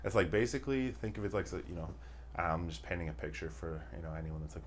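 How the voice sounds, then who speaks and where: A man's voice: low voice, fast talker, a little hiss or hum. A young man hosting a podcast, chatting casually with lots of swearing and rambling tangents. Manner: profane, rambling storyteller. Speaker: podcast host. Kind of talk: casual chat.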